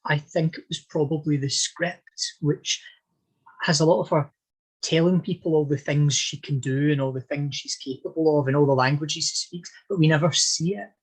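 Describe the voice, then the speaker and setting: A man's voice: a little high, fairly even intonation, moderate pace, husky, low-quality recording. A man speaking as a historian guest in a podcast interview, talking in a discursive, thoughtful way with frequent self-corrections.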